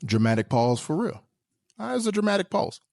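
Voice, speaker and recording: A man hosting a podcast, joking through a comedic monologue with sudden leaps into high squeaky tones. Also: sing-song, brisk, vocal fry, a little mellow, dry recording, studio quality. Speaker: podcast host.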